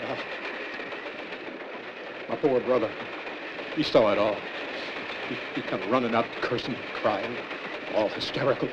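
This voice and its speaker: A man's voice: medium pitch, measured pace, long pauses. An older man telling his story as a hobo in a rambling, folksy drawl full of curses, on muffled 1970s film sound with hiss. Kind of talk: rough storytelling documentary interview. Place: in a cave.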